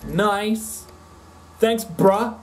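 A man streams a horror game as let's play commentary, speaking very slowly in a high voice. He swears and startles easily while talking to his companion through a desk mic with a face cam. The audio is poor, with a little hiss or hum.

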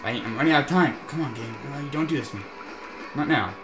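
A young man doing let's play commentary, ranting in frustration at a racing game and mixing shouts with laughter. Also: medium pitch, fast talker. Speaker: gameplay commentator. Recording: echoey room with game music.

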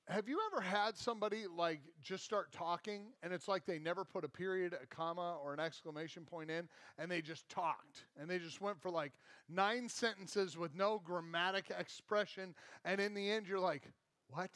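A man's voice: sits high, a bit bright, dry recording. A middle-aged man with an American accent giving a sermon, telling stories casually with many fillers. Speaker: pastor.

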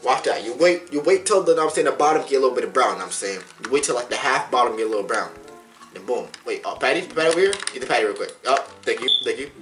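A man doing a let's play commentary, excitable and swearing a lot, yelping and shouting in surprise. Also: medium pitch, quick pace, recorded from a distance, faint music behind. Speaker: gamer.

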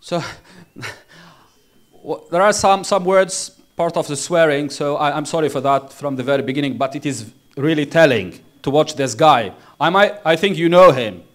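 A man lecturing interpreting students, deliberate and chuckling at his own stories. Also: a little high. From Tunisia. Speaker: university lecturer.

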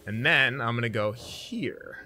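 A man streaming a card game, chatting casually, laughing often and counting out loud as he plays. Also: medium pitch, lively intonation, unhurried, soft background music. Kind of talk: casual gameplay chat.

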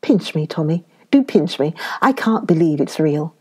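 A woman voicing a lively, impulsive young woman adventurer who is quick to exclaim, in a storybook reading. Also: sits low, husky. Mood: excited.

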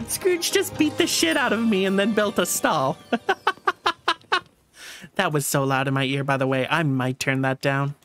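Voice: medium pitch, measured pace, long pauses, a bit bright, soft background music. A streamer chatting casually through a game livestream, laughing often and swearing freely.

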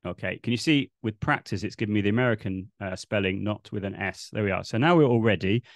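A man presenting a live online teaching webinar, relaxed and explanatory as he demonstrates on screen, speaking into a desk mic on a video call. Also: fairly low pitch, quick pace, dry recording.

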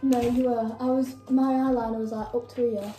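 A woman's voice: fairly high pitch, level tone, brisk, dark tone, echoey room, faint music behind. A young woman, the host's little sister, giving shy, short answers in a casual chat. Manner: shy, brief answers, tired.

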